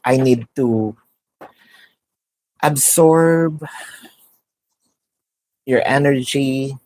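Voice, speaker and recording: A woman's voice: extremely low pitch, extremely slow, mellow, poor audio. A woman doing a live tarot reading, musing aloud, naming the cards as she draws them and repeating phrases. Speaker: tarot card reader.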